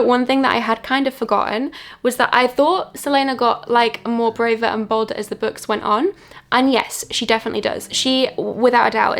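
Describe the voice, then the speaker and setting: A woman's voice: a little high, gravelly, fairly bright tone. A young woman chatting casually about books she read, gushing and repeating words for emphasis. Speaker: book vlogger. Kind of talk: casual monthly book review. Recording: light background music.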